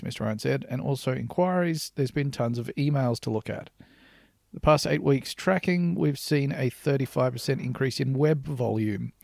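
A man's voice: medium pitch, gravelly, a little mellow, dry recording, studio quality. A man co-hosting a podcast, chatting casually, swearing freely and reading news articles aloud. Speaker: podcast co-host.

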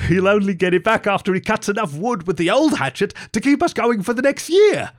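A man's voice: high-pitched, sing-song, brisk, pitched above the performer's own voice. A man doing a smug, gloating innkeeper. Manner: gloating, pleased with himself. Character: smug, scheming male innkeeper.

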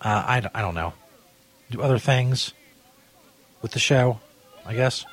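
A man's voice: medium pitch, measured pace. A man hosting a comedy podcast, ranting profanely as an exasperated broadcaster stuck in a bad spot. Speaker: comedy podcast host playing a frustrated sports broadcaster. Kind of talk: improvised comedy bit.

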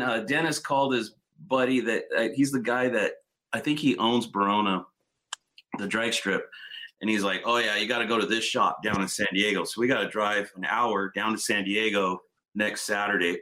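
A man telling car stories in casual, profane, animated chat. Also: lowish voice, normal speed.

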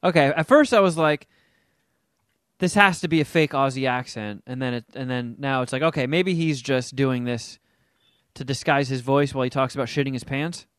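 Wry man with a smooth, dry voice. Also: mid-range voice, moderate pace, dry recording. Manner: wry, deadpan asides. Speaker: podcast co-host. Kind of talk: casual podcast chat.

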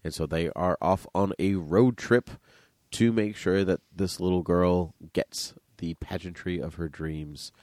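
A man hosting a casual podcast chat, playful and teasing, quick with a joke. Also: sits low, a little mellow, no room sound, studio quality. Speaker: podcast host.

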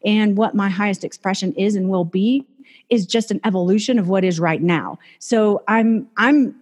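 A woman's voice: mid-range voice, normal speed, a little mellow. A woman life coach hosting her own show, giving a casual, enthusiastic motivational talk that encourages her listeners. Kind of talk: motivational self-help talk.

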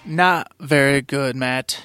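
A man's voice: medium pitch, slow pace, music in the background. A man co-hosting a podcast, sick with a plugged nose, talking in a nasal voice and telling rambling, self-mocking stories. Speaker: podcast co-host. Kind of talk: casual chat.

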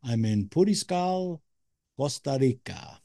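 A man's voice: medium pitch, sing-song, slow pace, gravelly, mellow, dry recording, clean studio sound. A man co-hosting a casual podcast chat from a cigar factory, talking in an upbeat, enthusiastic way. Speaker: podcast co-host.

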